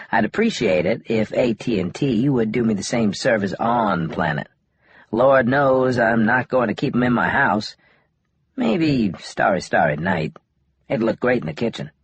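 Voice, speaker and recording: A man voicing a wry, easygoing young man in an audiobook, in a husky, laid-back joking manner. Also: medium pitch, lively intonation, measured pace, a little hiss or hum, voice pushed up, natural voice. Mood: relaxed, wry. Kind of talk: audiobook dialogue.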